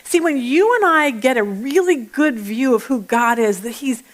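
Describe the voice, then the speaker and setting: A woman leads a Bible study lesson in a chatty, lively way. She weaves in personal stories, restarts her sentences often, and her voice sits slightly high for a woman. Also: normal speed. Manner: acts out everyday voices mid-talk.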